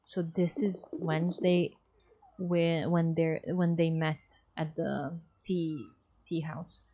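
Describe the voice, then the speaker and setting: A woman's voice: sits low, level tone, slow pace, dark tone, highs cut off. A young woman streaming a story game, making chatty, self-mocking asides between reading its lines on a desk microphone. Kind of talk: casual commentary while reading a game aloud.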